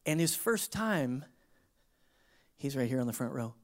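A pastor delivers a sermon in a mid-pitched voice, talking to the congregation like a friend. He leans on rhetorical questions and restarts. His delivery jumps from loud, emphatic bursts to quiet, low asides. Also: sing-song, a little slow.

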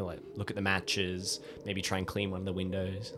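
A man's voice: sits low, monotone, a little fast, few pauses, a bit bright, a little hiss or hum. A man playing a tabletop game, casually describing what his character does, with hesitant fillers. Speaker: player.

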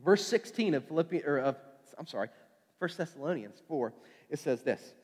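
Dude preaching loose and jokey, um-ing a lot, slightly high voice, big reverby hall. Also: male voice, expressive, moderate pace, a little mellow, husky. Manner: chatty, joking, many fillers and restarts. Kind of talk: casual evening sermon.

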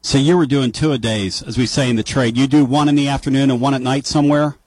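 A man hosting a radio interview, brash and joking, quick to banter with his guest. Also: medium pitch, steady tone, a little mellow, no echo, poor audio. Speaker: radio host.

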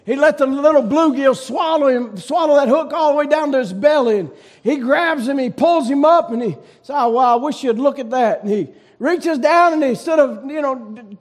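High-pitched shouting preacher. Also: male voice. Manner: shouting preaching cadence that drops low and soft. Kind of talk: sermon.

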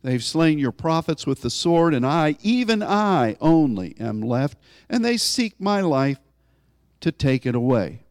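A man preaching a conversational sermon, often rising in pitch for emphasis as he explains a scripture. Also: very animated, unhurried, a little mellow, no echo, studio quality.

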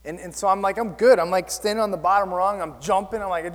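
A pastor preaching with a strikingly high voice for a man. He tells his stories in an animated, self-mocking way. His voice rings with the long reverb of a large hall. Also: fast. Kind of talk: sermon.

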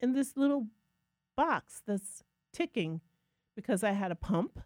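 A woman co-hosting a podcast, telling a lively personal story in a casual, self-mocking way. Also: mid-range voice, unhurried, dry recording, clean studio sound. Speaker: podcast co-host.

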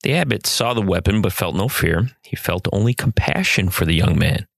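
A man hosting a podcast, telling a story and giving mindfulness advice in a gentle, reflective way. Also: low-pitched, expressive, moderate pace, creaky, dry recording, clean studio sound. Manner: gentle and reflective, with soft hesitations. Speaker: podcast host.

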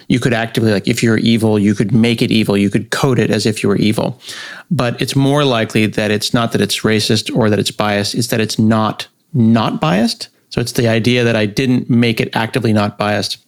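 A middle-aged American man talking through ideas in an interview, rambling and animated, slipping into acted-out quotes. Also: fairly low pitch. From United States. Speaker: guest software developer. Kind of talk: conversational interview.

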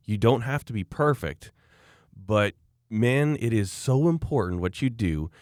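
A man's voice: lowish voice, lively intonation, measured pace, darkish tone, no echo, studio quality. A man hosting a podcast who talks emphatically and holds firm opinions. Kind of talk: casual podcast chat.

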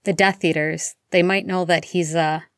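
A woman's voice: on the low side, steady tone, no room sound, studio quality, lightly acted. A woman reading a worried teenage boy. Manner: hesitant, halting.

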